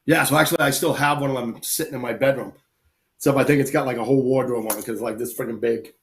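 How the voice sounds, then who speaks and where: A man's voice: mid-range voice, steady tone, quick pace. A man hosting a live stream, a former infantry grunt, chatting casually and telling rambling stories full of "like" and "you know". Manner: rambling, filler-heavy storytelling. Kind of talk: casual chat.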